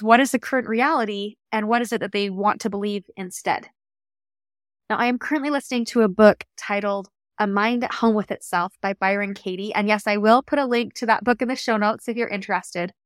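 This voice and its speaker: A young adult woman, a coach hosting a solo podcast, talking in an earnest, reflective and gently encouraging way. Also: a little high, no echo, clean studio sound.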